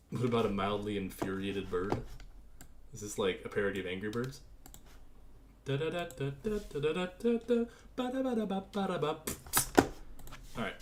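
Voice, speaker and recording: A young man streaming a racing game, calling the race in an excited play-by-play style and chatting loosely between races. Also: on the low side, noisy background. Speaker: gaming streamer. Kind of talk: live racing game commentary.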